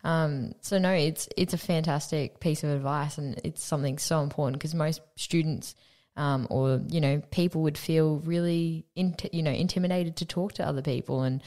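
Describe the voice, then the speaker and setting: A woman's voice: sits low, steady tone, normal speed, dark tone. A young Australian woman hosting a podcast, chatting reflectively with many "you know" fillers. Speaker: podcast host. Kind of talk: casual interview chat.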